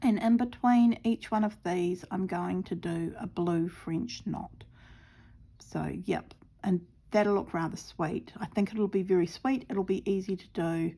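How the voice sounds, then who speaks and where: A woman casually talking viewers through her stitching, chatty and quick to laugh at her own mishaps. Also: lowish voice, warm tone. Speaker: craft vlogger.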